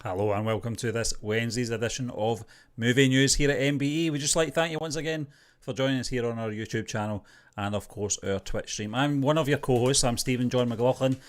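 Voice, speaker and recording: On a livestreamed movie news show, this male co-host talks a little fast at a medium pitch. He reads the news out loud and chats in a rambling way, full of fillers.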